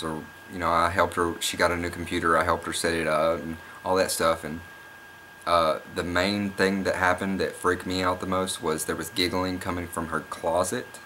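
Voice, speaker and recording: A young man vlogging, rambling excitedly through a spooky personal story, often restarting and repeating himself. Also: low-pitched, slight background noise. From Oklahoma. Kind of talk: casual storytelling vlog.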